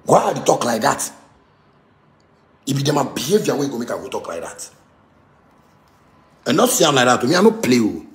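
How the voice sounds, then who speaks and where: A Ghanaian musician in his thirties, speaking with a Ghanaian Pidgin English accent, launches into an angry rant in a sing-song, mid-range voice. He talks quickly but pauses often, repeating himself in heated, stammering outbursts, and the room sounds echoey.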